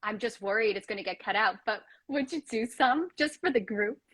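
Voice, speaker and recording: A woman hosting a live chat over a video call. She is chatty and self-mocking, with a bright, forceful voice that sits a little high. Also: lively intonation, a little fast, slightly rough. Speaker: host.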